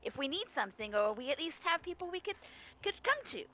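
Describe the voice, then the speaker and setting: A woman's voice: sits high, big pitch swings, sharp tone, slight background noise. A woman playing a tabletop game, talking casually with a lot of restarts. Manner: halting, with restarts. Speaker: player.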